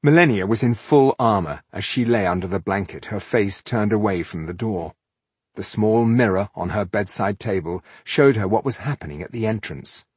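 A man narrating a fantasy audiobook in a measured, even storytelling manner. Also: fairly low pitch, slightly rough, no room sound.

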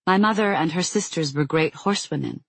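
A calm warrior woman talks in a low, soothing murmur, voiced by the audiobook narrator. The voice sits in a middle pitch and is recorded dry and close. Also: a little fast, creaky, no echo. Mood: gentle.

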